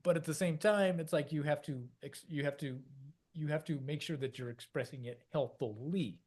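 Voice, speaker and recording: A man's voice: fairly high pitch, moderate pace, darkish tone, breathy edge. A middle-aged man, a podcast co-host, explaining ideas in a rambling casual way, with many fillers and restarts, often acting out quoted voices.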